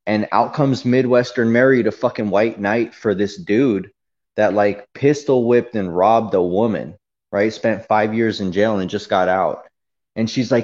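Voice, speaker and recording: A man's voice: on the low side, normal speed, a little mellow. Profane rambling man on a dull lo-fi recording. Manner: profane, rambling, heated storytelling. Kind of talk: casual ranting monologue.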